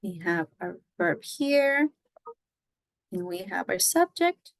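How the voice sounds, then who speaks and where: A woman's voice: fairly low pitch, big pitch swings, slow, gravelly, no room sound, low-quality recording. A woman teaching a Spanish lesson, explaining patiently step by step and moving between English and Spanish. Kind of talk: recorded classroom lesson.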